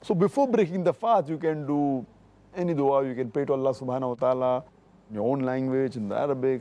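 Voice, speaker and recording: A man's voice: medium pitch, mellow. A middle-aged man, an Islamic scholar, explaining religious rulings and carefully citing hadith by book and number. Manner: measured, cites hadith numbers precisely, repeats points. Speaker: Islamic scholar answering questions.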